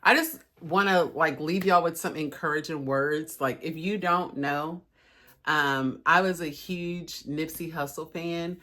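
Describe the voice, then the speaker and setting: A woman's voice: low-pitched, steady tone, unhurried, pushed and bright. A young woman giving a casual, encouraging vlog talk, chatty and sometimes emotional. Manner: chatty, encouraging, says y'all a lot; emotional, voice cracking at times. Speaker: lifestyle vlogger.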